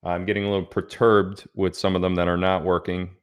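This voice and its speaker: A man's voice: deep voice, flat delivery, a little fast, smooth. A man hosting a casual livestream, rambling and joking as he reads out where viewers are from. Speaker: livestream host.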